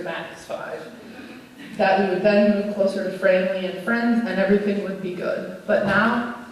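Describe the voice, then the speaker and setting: Woman, 30s, earnest church speech from notes, reverberant hall, heard from a distance. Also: medium pitch. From Minnesota, USA. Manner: earnest, personal, reading from notes. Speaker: pastor's wife giving an anniversary speech. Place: church sanctuary.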